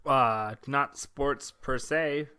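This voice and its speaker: Man, podcast co-host, casual chat, wry, bright voice. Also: mid-range voice, very slow, clean tone.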